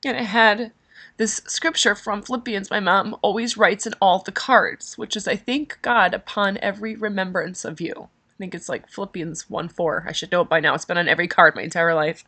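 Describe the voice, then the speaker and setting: A woman's voice: mid-range voice, a little fast, sharp tone. A middle-aged woman hosting a podcast, telling a personal story in an emotional, rambling way with many fillers. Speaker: podcast host.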